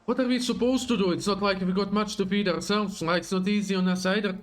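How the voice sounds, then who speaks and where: A man voicing a nervous, defensive village farmer who talks high-pitched, agitated and blustering, read aloud from a game story on a livestream. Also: fairly even intonation, fast talker, soft background music, natural voice.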